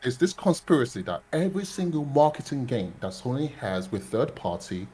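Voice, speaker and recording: A man co-hosting a casual gaming chat, arguing his point in an animated way. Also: medium pitch, moderate pace, husky. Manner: argumentative, animated. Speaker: co-host.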